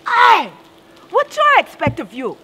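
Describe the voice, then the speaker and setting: A woman voicing a furious, overwhelmed old mother who shouts and scolds her children in a shrill voice. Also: wildly swooping pitch, unhurried, exaggerated voice.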